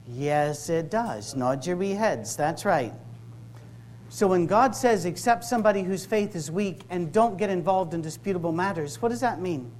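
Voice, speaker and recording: Man, middle-aged, scottish accent, humorous sermon talk, quick asides, faint background hiss. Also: high-pitched. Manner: conversational and joking, with quick asides. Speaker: campus ministry speaker. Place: workshop room with a live audience.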